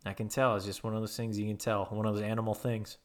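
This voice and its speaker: A man's voice: on the low side, flat delivery, quick pace. A man co-hosting a comedy podcast, playing an awkward, eager character in an improvised scene, rambling with fillers.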